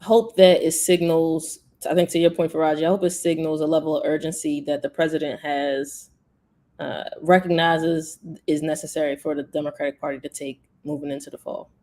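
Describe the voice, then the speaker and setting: A man joining a talk show as a guest commentator, speaking briefly in a measured way. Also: on the high side, little pitch movement, darkish tone.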